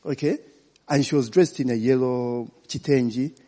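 In a hall with long reverb, a man delivers a casual sermon at normal speed, his medium-pitched voice dark in tone. The pastor keeps checking in with listeners, asking "eh?" and "okay?" often.

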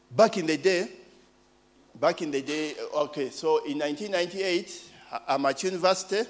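A Ugandan preacher in his forties tells stories from the pulpit in a high, swooping voice. He speaks slowly, tossing questions to his listeners between lines. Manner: animated storytelling, call-and-response asides. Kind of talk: sermon with personal stories.

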